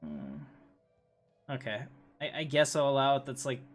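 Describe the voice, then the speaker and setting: A man's voice: medium pitch, sing-song, moderate pace, faint music behind. A man casually commenting on his strategy game livestream, thinking aloud, reading game text and chatting with viewers. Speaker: streamer playing a strategy game.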